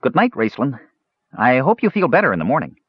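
A man playing a small, carefree kender whose squeaky, eager voice leaps high and bounces. The sound is husky and dry, with a dull lo-fi edge. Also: huge pitch swings, fairly quick, no echo.

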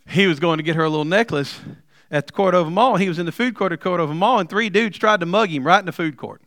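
A middle-aged man preaching a sermon, telling stories with humor and building to loud, emphatic points. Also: high-pitched, fast, no room sound. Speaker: pastor.

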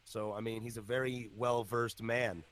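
A man hosting a casual podcast, excitable and profane, jumping between topics. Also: medium pitch, normal speed. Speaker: podcast host.

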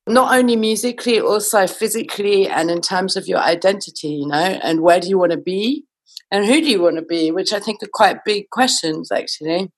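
A woman musician with a mid-range voice talks about her work in a relaxed interview over a video call. She is reflective, often adds "you know", and laughs easily. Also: mid-range voice, a little fast. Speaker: musician guest.

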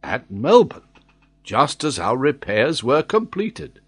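A man reading as a calm, puzzled old sailor. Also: medium pitch, takes it slowly, husky, pitched above the performer's own voice, exaggerated voice. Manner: calm, plain answers. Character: faithful old male ship's sailor, bewildered.

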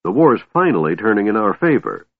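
A gruff, stubborn old dwarf, played by a male narrator, grumbling and blustering in a husky voice. The sound is dry and thin, like a phone line. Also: fairly low pitch, big pitch swings, fairly quick, exaggerated voice. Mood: grumpy. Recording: tinny phone-like band, dry.

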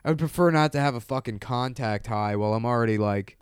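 A man's voice: medium pitch, fast, smooth, no room sound. A young man riffing and swearing through crude comedic banter as a podcast co-host. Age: young adult.

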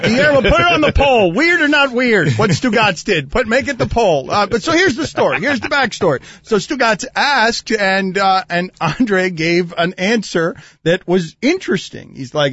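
A man hosting a sports radio show, telling stories with animated, laughing, mock-indignant banter. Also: high-pitched, no room sound, dull audio. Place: radio studio.

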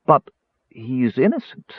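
A nervous cleric stammers and speaks meekly, as a male narrator puts him on. His voice is husky and the recording is dry and thin like a phone line. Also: mid-range voice, huge pitch swings, takes it slowly, no echo, voice pushed up, exaggerated voice. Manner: stammering, meek. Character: nervous, meek middle-aged human cleric.

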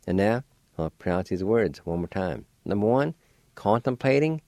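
A man's voice: mid-range voice, lively intonation, measured pace, mellow, dry recording, studio quality. A man teaching pronunciation, spelling words out letter by letter in a patient, encouraging way. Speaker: language teacher. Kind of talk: slow spelling and pronunciation lesson. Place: radio studio.

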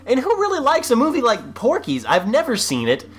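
Wry co-host with a lively, swinging pitch. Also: brisk, husky. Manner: wry, riffing on jokes, swearing. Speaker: podcast co-host. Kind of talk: casual comedic recap chat.

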